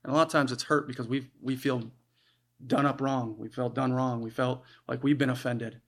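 A male preacher delivers a sermon in a relaxed, conversational way. His pitch sits in a mid range, and he often stops and restarts his phrases. He talks with an earnest, personal tone. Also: normal speed.

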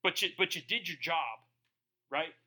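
A male pastor preaching a sermon, reading scripture slowly and then talking casually with asides. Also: a little high, lively intonation, pushed and bright, breathy edge. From Germany.

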